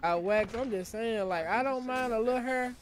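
A man's voice: extremely high pitch, moderate pace, background noise. A man streaming a game and ranting in blunt, profane, slangy casual chat. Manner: slangy, loose talk. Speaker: livestreaming gamer.

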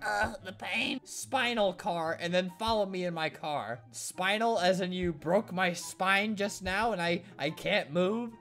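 A man's voice: sits high, a little slow, few pauses, a bit bright. Man, joking game commentary, mock-sad and sarcastic, laughs a lot, faint music behind. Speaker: gaming commentator.

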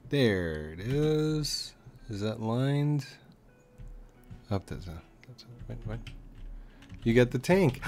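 A man streaming a building game, rambling to himself as he builds and greeting viewers in a high squeal. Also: sing-song, slow, pauses often, darkish tone. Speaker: gaming streamer. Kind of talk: casual gameplay chat. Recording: clear background music under voice. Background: background music.

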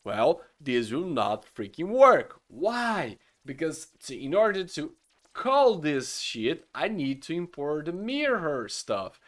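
A man, a solo game engine developer, ranting in exasperation about his code, swearing and bursting out loudly. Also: fairly high pitch. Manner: exasperated and swearing, loud outbursts. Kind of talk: frustrated coding rant.

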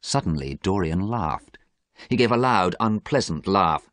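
A man narrating a graded story in a steady, clear storytelling manner. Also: sits low, a little slow, no echo.

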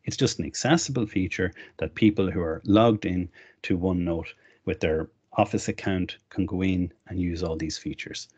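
A man's voice: deep voice, normal speed, a little mellow, husky. A middle-aged man, presenting a live online tech demo in a conversational, explanatory way. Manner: conversational, explains while clicking through. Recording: dull lo-fi web stream.

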